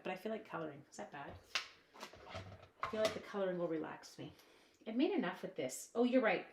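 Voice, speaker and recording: At her home desk, a woman with a fairly low voice demonstrates crafts on a live stream amid slight background noise. She chats casually, reading out viewers' comments and talking to her supplies.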